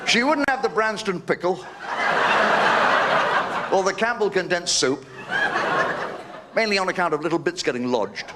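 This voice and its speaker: A man's voice: high-pitched, expressive, normal speed, long pauses. A man doing a live stand-up routine, telling cheeky stories and throwing asides to the audience. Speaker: stand-up comedian. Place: live show venue. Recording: noisy live stage recording.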